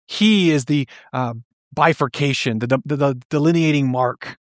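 A man preaching a sermon in an earnest, questioning way, explaining slowly and restarting phrases. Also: a little high, dry recording, studio quality. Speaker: pastor.

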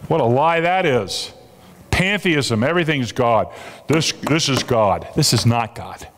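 A man's voice: mid-range voice, expressive, takes it slowly, pauses often, a bit bright. A man preaching a sermon as a pastor, emphatic and repeating his key phrases for weight. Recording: long reverb of a large hall.

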